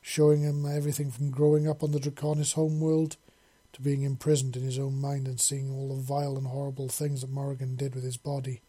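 A man narrating a story chapter in a steady, earnest reading voice. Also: medium pitch, a little fast, hardly any pauses, slightly rough. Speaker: audiobook narrator.

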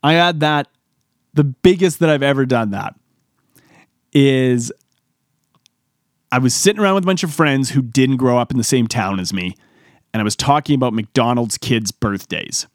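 A man's voice: medium pitch, moderate pace, pauses often, dry recording, clean studio sound. Rambling guy telling funny stories. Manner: rambling, animated, acts out quotes. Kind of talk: comedic storytelling.

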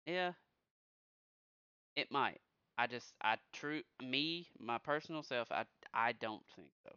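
A man's voice: mid-range voice, slow pace, pushed and bright, clean tone, no room sound, dull audio. A man co-hosting a casual podcast chat, teasing his partner in a playful way. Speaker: podcast co-host.

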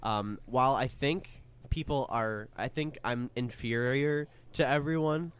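A man's voice: mid-range voice, measured pace, clean tone. A young man co-hosting a podcast in casual chat, talking hesitantly with many fillers and restarts. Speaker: podcast co-host.

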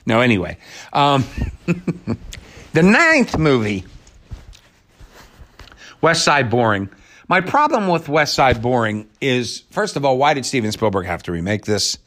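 A man's voice: medium pitch, big pitch swings, normal speed, fairly bright tone. Sarcastic man ranting about movies. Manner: sarcastic, irreverent and crude, with mocking asides. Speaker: movie reviewer. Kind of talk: casual rambling movie review rant.

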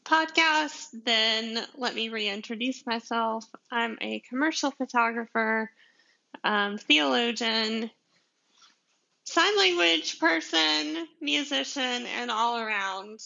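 A woman's voice: fairly high pitch, vocal fry, sharp tone, highs cut off. A woman with a Southern Georgia accent, hosting a podcast in a chatty, rambling way, with many ums and frequent laughs. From deep South Georgia, USA. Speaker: podcast host. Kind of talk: casual monologue.

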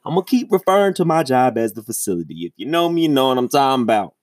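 A young man telling a story in a casual, profane ranting monologue, with his voice jumping high when he gets exasperated. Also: sing-song, fast, dry recording, clean studio sound. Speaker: vlogger.

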